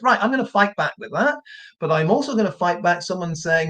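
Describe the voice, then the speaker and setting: A man's voice: high voice, brisk, fairly bright tone. A man hosting a live true crime stream, ranting in a combative, indignant way and often repeating himself. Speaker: true crime channel host.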